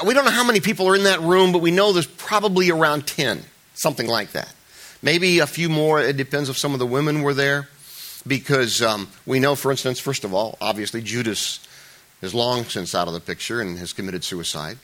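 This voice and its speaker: A man's voice: medium pitch, a bit bright. A man preaching a conversational sermon as a pastor, informal and chatty, with joking asides and frequent restarts.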